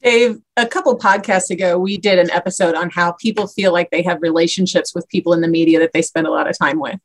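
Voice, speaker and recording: A podcast co-host asking a guest a curious, explanatory question. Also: medium pitch. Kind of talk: interview questions.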